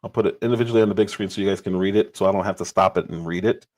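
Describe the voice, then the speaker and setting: A man's voice: low-pitched, steady tone, racing, a little mellow, rough recording. A man hosting a livestream and giving casual political commentary. He talks emphatically and repeats phrases for stress.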